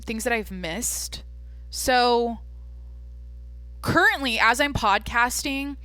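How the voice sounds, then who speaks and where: A young woman hosting her own podcast, chatting casually in a rambling, jokey way with lots of fillers and a deadpan streak. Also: mid-range voice. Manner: self-described deadpan. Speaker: podcast host. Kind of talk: casual solo podcast chat.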